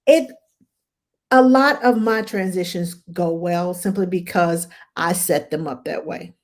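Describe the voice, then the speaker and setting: A woman who works as a career nanny talks in a fairly low, unhurried voice during a casual storytelling chat. She often laughs and voices the people she's quoting.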